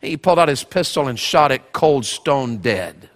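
A man's voice: medium pitch, lively intonation, normal speed, in a large hall. A male pastor preaching a sermon, telling a folksy personal story and acting out the voices in it.

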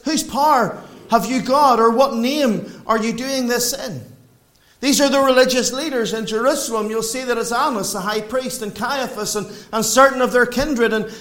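High-voiced preacher in an echoey room. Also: male voice. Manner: preaching with wide swings in pitch and loudness. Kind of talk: sermon. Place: church.

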